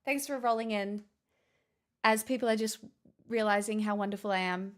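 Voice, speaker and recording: A woman's voice: medium pitch, fairly even intonation, normal speed. A woman streamer chatting casually with her viewers, flustered and giggly, thanking them in stop-start bursts. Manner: flustered, giggly, grateful, talks in stops and restarts. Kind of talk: casual live-stream chat.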